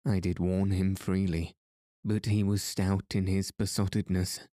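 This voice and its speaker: A man's voice: sits low, flat delivery, measured pace, warm tone, no room sound, studio quality. A man reading the lines of a stern, hunchbacked medieval duke in a harsh, curt way.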